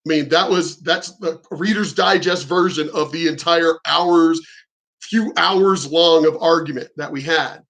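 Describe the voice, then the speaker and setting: A man's voice: fairly high pitch, a little slow, a bit bright. Frank, profane middle-aged man. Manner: rambling, profane, frank about sex. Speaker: vlogger. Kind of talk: candid storytelling monologue.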